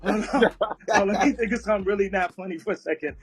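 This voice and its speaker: A man's voice: high voice, rapid-fire, fairly bright tone, breathy edge. A man telling a story in a casual live chat, often breaking into laughter as he talks. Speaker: guest speaker on an audio chat room.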